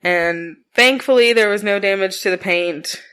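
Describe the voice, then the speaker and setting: Laughing, swearing mom co-hosting a podcast. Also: female voice, medium pitch, moderate pace, clean tone. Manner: animated storytelling, swears freely, laughs often. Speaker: podcast co-host. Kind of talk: casual chat.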